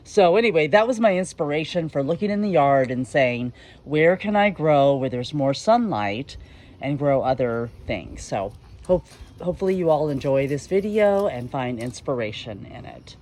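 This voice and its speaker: Here a middle-aged woman speaks at a normal pace in a low, expressive, somewhat mellow voice. She's a garden vlogger rambling folksily with fillers, filmed on a handheld camera outdoors in her backyard.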